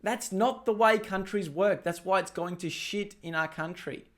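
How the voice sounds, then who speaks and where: A man with a high voice delivers heated commentary. He is blunt and profane, talking straight at the viewer. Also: moderate pace, fairly bright tone. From Australia. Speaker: political commentator. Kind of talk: ranting commentary over clips.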